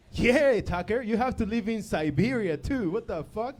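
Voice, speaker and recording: A man argues his side of a comic debate in a rambling, laughing way, tossing out crude jokes. His voice sits a bit high and swings widely in pitch. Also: lively intonation, moderate pace, hardly any pauses, a little mellow. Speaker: comedy debater.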